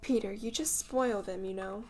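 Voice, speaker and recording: A woman's voice: on the high side, lively intonation, brisk, a little mellow. A woman voicing a prim, motherly girl who scolds a crowd of boys, in a storybook reading. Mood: fond.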